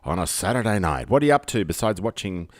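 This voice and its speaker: Deep-voiced Australian man hosting a livestream. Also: big pitch swings, fast, dry recording, clean studio sound. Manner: jokey, self-mocking, wandering monologue with many fillers. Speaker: live-stream host. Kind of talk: rambling solo livestream chat. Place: home. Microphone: desk microphone.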